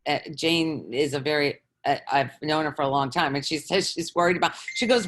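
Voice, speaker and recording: Low-voiced woman, hesitant seeker in a dialogue. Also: normal speed, a bit bright. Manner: hesitant, searching for words. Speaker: participant seeking guidance. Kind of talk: casual conversation.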